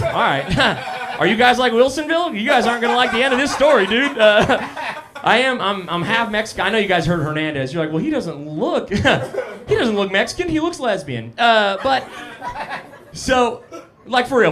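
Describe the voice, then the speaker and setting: Holding a handheld mic on a small cafe stage, a young comedian does a live stand-up set in a voice that sits fairly high for a man. His delivery is casual and self-deprecating as he riffs loosely with the crowd.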